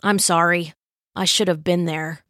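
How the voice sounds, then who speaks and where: A woman voicing a kind, gentle teenage boy friend in an audiobook, speaking with concern. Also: fairly low pitch, steady tone, a little slow, dry recording, studio quality.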